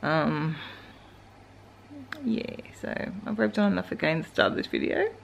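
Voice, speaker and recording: Australian woman in her forties, gravelly, chatty. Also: deep voice, lively intonation, moderate pace, a little hiss or hum. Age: 40s. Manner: rambling, chatty, laughs often while talking to her dogs. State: out of breath from exercising. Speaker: vlogger. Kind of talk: casual vlog chat. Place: at home.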